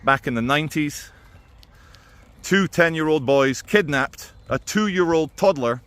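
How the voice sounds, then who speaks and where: A man talking through his opinions in a casual, animated monologue to camera. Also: fairly high pitch, measured pace, clear, resonant tone, dry recording. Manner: conversational and animated, with quoted impressions. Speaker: video commentator.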